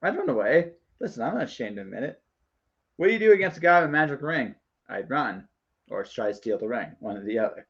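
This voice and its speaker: A man chatting casually as a guest, animated and playful, with emphatic bursts. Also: mid-range voice, fast, husky. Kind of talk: casual chat. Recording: dull lo-fi sound.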